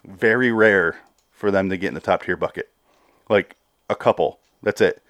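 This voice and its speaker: A man's voice: low voice, moderate pace, a bit bright, dry recording, clean studio sound. A man hosting a solo review podcast, rambling and cursing, with exasperated rants. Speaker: podcast host.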